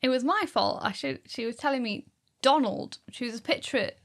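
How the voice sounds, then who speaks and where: A woman with a British accent co-hosting a parenting podcast in casual chat, telling stories in an animated way and laughing often. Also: sits high, brisk, gravelly. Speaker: podcast co-host.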